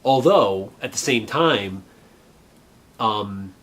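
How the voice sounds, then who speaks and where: A man in his forties earnestly recalling a childhood memory in a halting, reflective way. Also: lowish voice, animated, a bit bright. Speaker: vlogger. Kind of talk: personal reminiscence.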